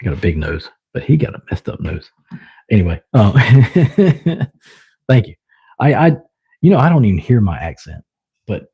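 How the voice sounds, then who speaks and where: A man's voice: mid-range voice, breathy edge, muffled recording. A young man with a Southern US accent, chatting loosely with viewers on his own live stream, rambling with lots of fillers. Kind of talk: casual live stream chat.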